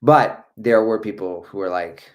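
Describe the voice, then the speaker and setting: A man's voice: fairly low pitch, normal speed. A middle-aged man hosting a running livestream, reading viewer comments aloud in a chatty, joking way and laughing often. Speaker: running channel host.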